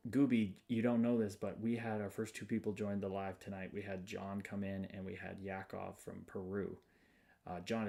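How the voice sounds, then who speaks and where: Mellow and creaky, his lowish voice carries a casual livestream where he greets viewers by name. He reads their comments aloud with an upbeat, spiritual warmth.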